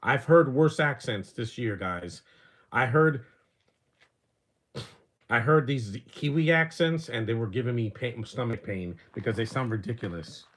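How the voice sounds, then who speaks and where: A man's voice: mid-range voice, expressive, a little slow, fairly bright tone. A man giving casual live commentary over a movie, rambling from one opinionated aside to the next.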